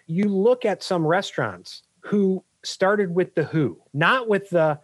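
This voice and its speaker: A middle-aged man, a business coach and guest, talking in an energetic, emphatic way full of anecdotes. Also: high voice, a little slow, few pauses, no room sound, clean studio sound. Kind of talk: interview answers.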